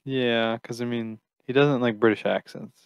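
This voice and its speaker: A man co-hosting a gaming podcast, chatting offhandedly and reading news articles aloud in a plain, steady way. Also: mid-range voice, normal speed, clear, resonant tone, no echo, lo-fi sound. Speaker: podcast co-host.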